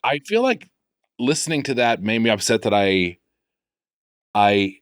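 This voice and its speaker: A man's voice: medium pitch, very animated, a little slow, clear, resonant tone, no echo. A man hosting a podcast, rambling casually in a studio with lots of fillers. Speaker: podcast host. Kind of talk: casual chat.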